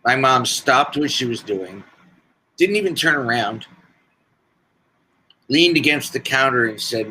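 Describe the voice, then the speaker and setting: Guy in his 60s telling his story slow, bright low voice, faint hum behind. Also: animated, low-quality recording. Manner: slow, deliberate storytelling with pauses. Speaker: podcast guest. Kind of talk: personal storytelling.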